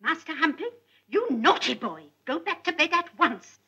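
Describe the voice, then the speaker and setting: Fussy old nanny. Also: female voice, high-pitched, animated, normal speed, muffled recording, noisy background. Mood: doting. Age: older. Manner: baby-talking, scolding like to a child. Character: fussy bossy old nanny, doting and tearful. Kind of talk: 1950s British film acting.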